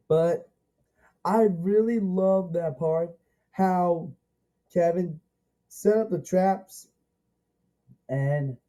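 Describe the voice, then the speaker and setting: A man's voice: fairly high pitch, mellow, rough recording. A man giving a casual, rambling movie review, eager and repetitive, restarting his sentences often.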